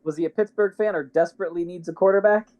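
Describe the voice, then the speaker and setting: A man co-hosting a podcast in casual chat, hesitant and halting, often restarting his sentences. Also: high-pitched, fairly even intonation, darkish tone. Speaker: podcast co-host.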